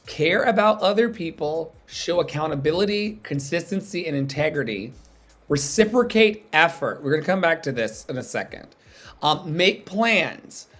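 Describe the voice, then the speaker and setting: A man's voice: fairly high pitch, expressive, moderate pace, a bit bright. A man hosting a casual livestream chat, playful and joking as he reads from his notes. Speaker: podcast host.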